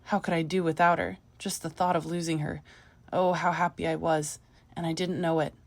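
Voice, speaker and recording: A woman's voice: low-pitched, little pitch movement, moderate pace, creaky. A woman reading the part of a feverish, grieving widower who broods and sinks to a near whisper. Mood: anguished. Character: feverish grieving middle-aged man, obsessive widower.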